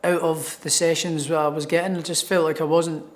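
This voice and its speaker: A man's voice: on the high side, level tone, a little fast. A man with a Scottish accent, a professional boxer answering interview questions in an upbeat way and repeating words as he starts his thoughts. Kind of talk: sports interview.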